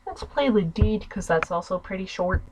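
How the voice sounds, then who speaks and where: A woman's voice: mid-range voice, lively intonation, moderate pace, noisy background. Offhand American woman playing a game. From United States. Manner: offhand, self-mocking asides. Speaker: let's player. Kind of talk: casual gameplay commentary.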